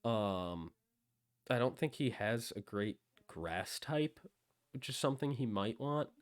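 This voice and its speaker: A man's voice: medium pitch, lively intonation, slow pace, no room sound, clean studio sound. A man hosting a casual discussion, talking in a hesitant way with many ums. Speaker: host.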